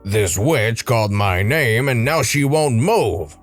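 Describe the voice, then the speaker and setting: A man voicing a rude, angry middle-aged male patient who speaks slowly and insults people. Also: mid-range voice, animated, no echo, faint music behind. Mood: angry, bullying. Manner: slow, menacing, insulting.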